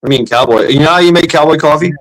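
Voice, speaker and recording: A man's voice: fairly high pitch, fast talker, a bit bright, slight background noise, low-quality recording. A man co-hosting a casual live stream, rambling and joking with crude humor. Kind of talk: casual chat.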